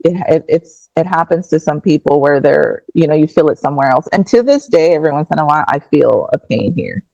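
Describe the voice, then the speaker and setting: A woman telling her own story in casual chat, retelling it in an animated way and acting out what she said back then. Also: low-pitched, fairly quick, gravelly, no room sound, lo-fi sound.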